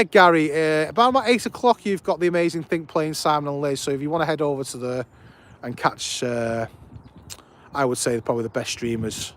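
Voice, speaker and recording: With slight background noise around him, a man with a slightly high voice streams live from outside an airport. In a casual, upbeat way he greets viewers by name and gives enthusiastic commentary.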